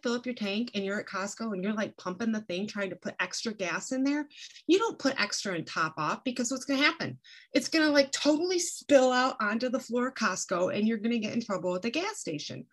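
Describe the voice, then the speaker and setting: A woman's voice: fairly high pitch, animated, fairly quick. A woman presenting a nutrition webinar from home, explaining with everyday analogies in a chatty, conversational way. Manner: conversational, uses "like" and "right?". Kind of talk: educational webinar talk.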